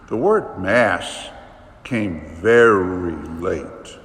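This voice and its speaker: Priest, male, unhurried sermon delivery, vivid and emphatic, big church reverb. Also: on the low side, a bit bright, slight background noise. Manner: slow, emphatic, vivid storytelling with sudden rises. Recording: long reverb of a large church.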